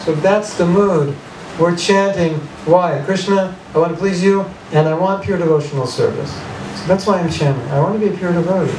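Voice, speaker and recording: A man leading a devotional chanting workshop in a temple hall, talking conversationally with rhetorical questions and frequent "you know"s. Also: on the high side. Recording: echoey hall, distant mic, background noise.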